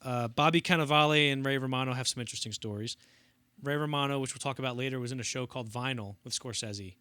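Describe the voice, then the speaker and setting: A man's voice: mid-range voice, quick pace, pushed and bright, clean tone, no room sound. A young man co-hosting a casual film podcast, rambling through anecdotes and acting out quotes in bursts. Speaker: podcast co-host.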